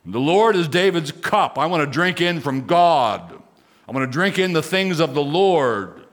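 A preacher with a slightly high male voice delivers a sermon. He drops into quiet, conversational asides and then rises into emphatic, raised declarations. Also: expressive, a little slow. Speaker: pastor.

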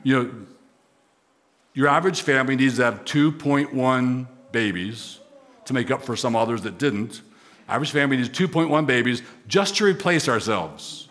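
A man's voice: mid-range voice, moderate pace, a bit bright. A man preaching a sermon as pastor, emphatic, with rising, swelling repetition.

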